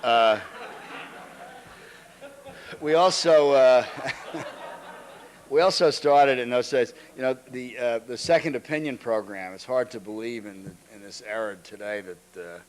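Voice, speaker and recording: An older man giving an anecdotal lecture, halting often, restarting phrases and clearing his throat. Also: medium pitch. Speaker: guest lecturer. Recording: archival lecture recording.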